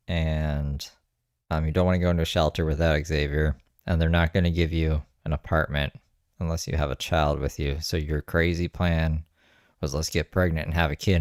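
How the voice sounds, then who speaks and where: A man's voice: extremely low pitch, darkish tone, dry recording, clean studio sound. A man giving casual, sarcastic running commentary over clips he is watching. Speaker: commentary streamer.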